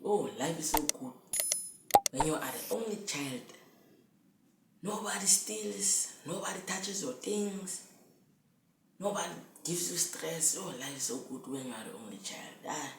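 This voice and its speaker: A woman's voice: low-pitched, animated, a little slow, creaky, heavy background noise. A woman playing a possessive, dramatic boy who is an only child, in a comedy skit with whiny, complaining sighs. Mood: content. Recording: echoey room with loud music.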